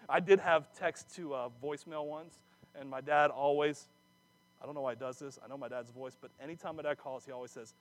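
Animated man preaching with jokey asides. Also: on the high side, brisk, no echo. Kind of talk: sermon with personal stories.

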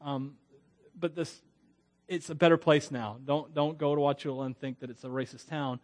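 A man's voice: fairly high pitch, steady tone, moderate pace, a little mellow. A man from Florida preaching as a pastor, in a conversational, digressive way with frequent chuckles. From Florida, USA. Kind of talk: sermon.

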